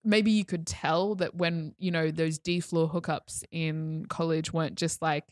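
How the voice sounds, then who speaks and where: An animated young woman recounts a story in relaxed conversation, slipping into the voices of the people she quotes. Her voice sits a little low, and the sound is very dry and close to the mic. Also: unhurried, dry recording. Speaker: guest. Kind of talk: casual storytelling chat.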